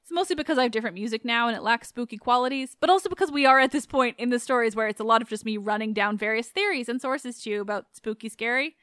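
A woman's voice: on the high side, fairly bright tone, clean tone, no room sound, clean studio sound. A woman hosting a podcast in a chatty, sarcastic way, swearing freely as she talks. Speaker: podcast host. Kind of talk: casual podcast narration.

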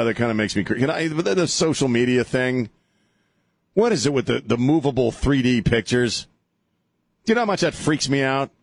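Lively, rambling radio host. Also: male voice, medium pitch, gravelly, husky, dry recording, clean studio sound. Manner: rambling, jokey, animated, lots of laughs and filler. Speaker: radio talk show host. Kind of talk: casual talk radio banter. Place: radio studio. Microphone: studio microphone.

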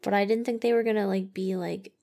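A young woman chats about a film as a podcast co-host. Her voice has a marked gravelly fry, and her speech is loose and full of "like". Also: mid-range voice, fairly even intonation, quick pace, mellow. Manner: chatty, heavy use of "like". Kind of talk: casual movie review chat.

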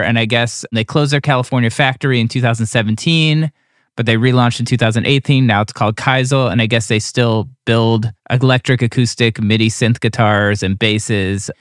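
A man's voice: mid-range voice, a bit bright, dry recording, studio quality. A man in his thirties co-hosting a casual podcast chat, rambling with lots of filler words. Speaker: podcast co-host.

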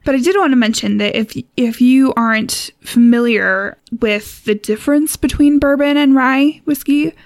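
A young woman co-hosting a casual cocktail podcast, explaining a recipe in a relaxed way with frequent laughs and fillers. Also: high-pitched, moderate pace, few pauses, dry recording. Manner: relaxed, giggly, lots of fillers. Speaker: co-host.

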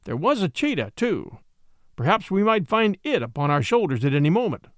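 A man narrating a classic detective story as an audiobook, in steady storytelling. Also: high voice, a little fast, no room sound, studio quality.

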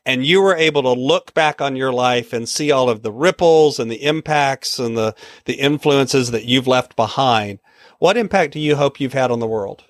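A man from Texas who hosts a podcast and interviews his guest in a relaxed, rambling way, often chuckling. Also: medium pitch, normal speed, no room sound, studio quality. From Texas, USA. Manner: rambling, many fillers and restarts, chuckles. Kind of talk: conversational interview.

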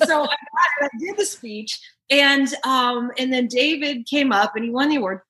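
A woman telling a story as a guest in casual chat, animated and laughing often. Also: high voice, normal speed, poor audio. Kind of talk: casual anecdote.

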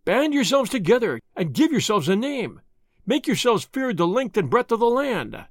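A bold masked highwayman, voiced by a man reading a storybook lectures with lofty scorn. The voice sits high and swings widely in pitch. The sound is dry and close. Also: big pitch swings, moderate pace, no room sound, exaggerated voice. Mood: scornful.

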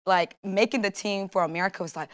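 A woman's voice: medium pitch, steady tone, quick pace. A young woman, an Olympic long jumper, talking as a guest in a casual interview and acting out her own thoughts as she tells her story.

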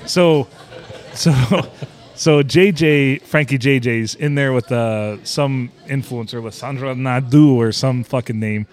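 A man's voice: mid-range voice, slow, darkish tone. Joking Midwestern man co-hosting a podcast. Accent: Midwestern American. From American Midwest. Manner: jokey, riffs on wordplay and quotes. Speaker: podcast co-host. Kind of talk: casual chat.

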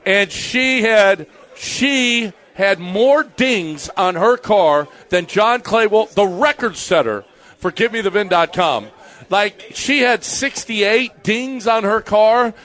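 A man's voice: high-pitched, lively intonation, a little slow, a bit bright. A man hosting a live radio show from a bar party, bantering brashly and reading ads. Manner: brash, teasing, salesman-like.

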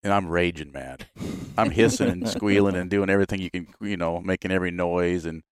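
On a podcast, a male guest with a low, smooth, fairly quick voice tells hunting stories casually, laughing and animatedly doing voices as he quotes others. The studio-quality audio has no room sound.

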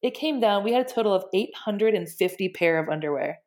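A woman guest in casual interview chat, telling stories in an animated, excited way. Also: mid-range voice, fairly quick. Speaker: guest, shelter director.

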